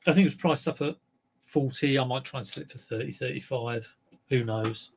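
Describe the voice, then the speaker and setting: A man with a husky voice chatting casually and rambling on a live reseller stream, often breaking off and restarting his sentences. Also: medium pitch, slight background noise. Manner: rambling, self-interrupting, chatty. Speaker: reseller livestream host.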